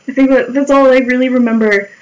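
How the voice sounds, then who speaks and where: An American woman chats casually while drawing on stream, rambling and swearing as she teases herself about her voice wearing out. Her voice sits high with a steady tone, she talks quickly, and the audio is poor.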